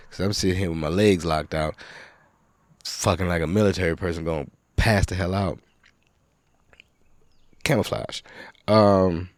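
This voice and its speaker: A man hosting a solo podcast, rambling casually in a profane, animated storytelling way. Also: sits low, no room sound. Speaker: podcast host.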